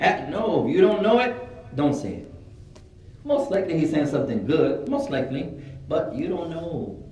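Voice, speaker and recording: A man with a rather high voice teaches in an echoey hall, recorded by a distant mic. He's a religious teacher giving a classroom lesson full of stories, speaking at a moderate pace with frequent pauses, relaxed and animated as he acts out quotes.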